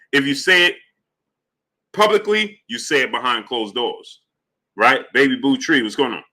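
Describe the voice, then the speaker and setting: A man with a very bright, forceful tone hosts a boxing live stream at a middle pitch. He greets chat viewers by name and builds his points with emphatic, repeated questions. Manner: shouts out chat names between points, rising emphatic questions. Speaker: boxing channel host.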